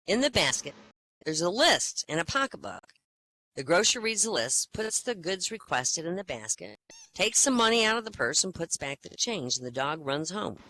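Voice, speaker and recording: A woman reels off jokes to a group and acts out each character as she goes. Her voice is bright and forceful, and it swings widely in pitch. She delivers the jokes in a lively, animated way. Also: normal speed, slight background noise. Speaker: joke teller leading the session.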